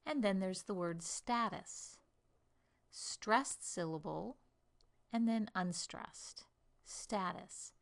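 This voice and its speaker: An American woman giving a pronunciation lesson, speaking slowly and deliberately and stretching syllables to demonstrate them. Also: medium pitch, creaky. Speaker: accent coach.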